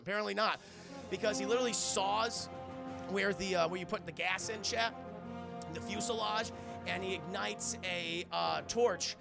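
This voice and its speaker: A man excitedly recapping a film to a live stream chat, in a rapid, profane, animated storytelling manner. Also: sits high, gravelly, over music.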